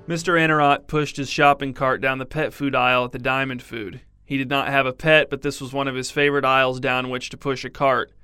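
A man narrating a scripted bedtime story in an even, deadpan manner. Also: mid-range voice, fairly quick, hardly any pauses, smooth, no echo, faint music behind.

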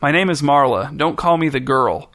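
A man's voice: a little high, normal speed, a bit bright. A man voicing an earnest, slightly hurt young woman on an awkward date, in a storybook reading. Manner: earnest, hurt, a bit defensive.

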